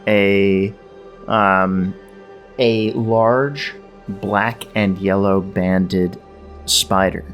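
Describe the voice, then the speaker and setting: Male game master with a low voice, easygoing halting delivery, soft music under. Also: steady tone. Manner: loose, hesitant narration with fillers. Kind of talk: narrating a tabletop game.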